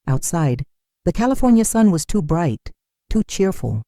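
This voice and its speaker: A woman narrating a first-person story slowly and in a measured, somber way. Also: fairly low pitch, very animated, mellow, dry recording, studio quality.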